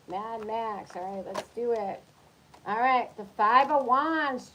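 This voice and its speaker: A woman's voice: on the high side, takes it slowly, long pauses, a bit bright, slight background noise, rough recording. Chatty woman giving a casual tarot reading. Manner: chatty, coaching tone, keeps checking in with "okay?". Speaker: tarot reader.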